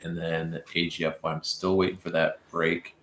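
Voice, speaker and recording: A man giving trading updates in a flat, measured, halting way. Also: low voice, reverberant, slight background noise.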